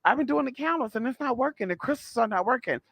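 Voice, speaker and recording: A man's voice: extremely high pitch, expressive, fast, vocal fry, fairly bright tone, dry recording, pitched above the performer's own voice, exaggerated voice. A man voicing a desperate adult witch who begs for help in a pleading, whiny way.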